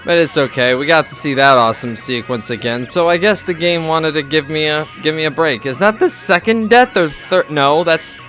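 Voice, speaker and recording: A young man giving casual let's-play commentary, rambling and halting with lots of fillers and restarts. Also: on the high side, fairly bright tone, faint music behind. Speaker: gameplay commentator.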